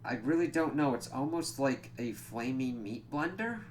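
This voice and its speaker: A man giving a casual spoken comic book review, retelling scenes with animated acted-out quotes and lots of "like". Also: mid-range voice, moderate pace, slight background noise. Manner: animated retelling, acts out characters' lines, frequent "like".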